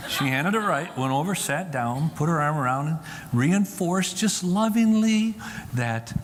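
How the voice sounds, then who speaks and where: A man's voice: fairly high pitch, very animated, moderate pace, in a large hall, a little hiss or hum. A man giving an emphatic public talk from a stage to a live audience, often repeating key lines for effect. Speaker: Christian speaker.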